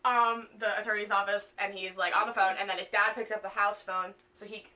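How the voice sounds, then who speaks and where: A young woman vlogger casually retelling a plot to a friend, animated and full of swearing and fillers. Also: mid-range voice, fairly quick, far from the mic, rough recording.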